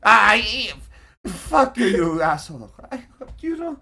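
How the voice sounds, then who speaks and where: A man's voice: high voice, big pitch swings, takes it slowly, creaky, pushed and bright, breathy edge, voice pushed up, full character voice. A man voicing a cursing, boastful small boy who swears revenge, in a tabletop game. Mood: spiteful. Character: foul-mouthed vengeful boy, a severed head.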